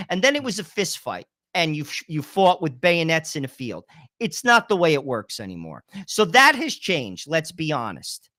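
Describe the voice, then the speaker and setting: Lecturing male talk-show co-host, bright voice. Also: on the high side, no room sound, studio quality. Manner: lecturing, deliberate. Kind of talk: political talk show commentary.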